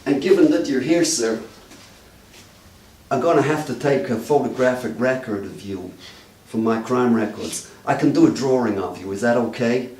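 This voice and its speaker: A man doing live character comedy as a detective, with deadpan mock-official patter aimed at the audience. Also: medium pitch, moderate pace. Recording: echoey live room, distant mic, faint noise.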